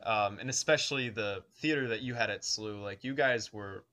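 A man's voice: on the low side, normal speed, bright, forceful tone. A young man co-hosting a casual chat, speaking thoughtfully and searching for the right words. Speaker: podcast co-host.

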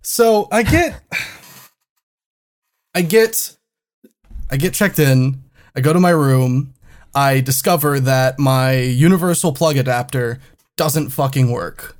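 A man telling a travel story in casual chat, animated and swearing often. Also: mid-range voice, slow, long pauses.

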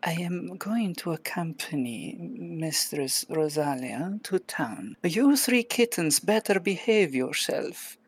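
A woman voicing a strict motherly cat who scolds kittens slowly. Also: on the low side, lively intonation, husky, exaggerated voice. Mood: scolding. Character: stern motherly cat, older female.

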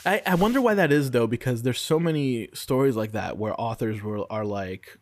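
A man from Brazil casually discussing film adaptations on a podcast, often pausing to search for words. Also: medium pitch, animated, dry recording, studio quality. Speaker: podcast co-host.

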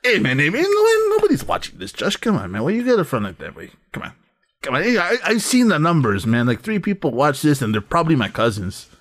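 A man's voice: on the high side, wildly swooping pitch, brisk, fairly bright tone. A man hosting a comedy bit, talking in a crude, rambling way and laughing at his own jokes. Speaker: comedy host. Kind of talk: improvised comedy sketch.

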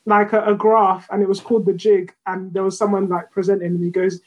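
A woman's voice: medium pitch, a little fast, muffled recording. A woman co-hosting a casual podcast discussion, reading posts aloud with frequent ums and laughter. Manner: animated, laughs often, trails off with ums. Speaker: podcast co-host.

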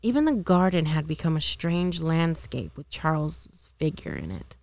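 A woman's voice: deep voice, very animated, moderate pace, creaky, darkish tone. A woman reading a novel aloud as an amateur, unpolished, with occasional slips and re-reads. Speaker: amateur reader.

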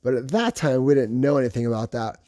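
Chatty rambling man, dark voice. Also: medium pitch, lively intonation, quick pace, no room sound, studio quality. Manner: rambling, chatty, self-correcting. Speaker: podcast host. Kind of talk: casual chat about fantasy football.

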